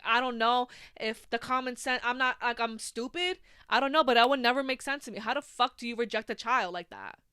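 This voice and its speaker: A woman's voice: a little high, sharp tone, clear, resonant tone, dry recording, clean studio sound. A woman in her twenties hosting a solo podcast, talking frankly and with a lot of swearing and "like" fillers. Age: 20s. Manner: frank and heavily profane, full of "like" fillers. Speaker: podcast host. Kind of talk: candid solo podcast monologue.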